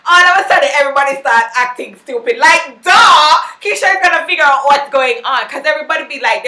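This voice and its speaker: A woman's voice: sits high, bright, forceful tone. Chatty woman recapping a show. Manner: chatty, gossipy, opinionated. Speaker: vlogger. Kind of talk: casual TV episode recap. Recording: roomy echo.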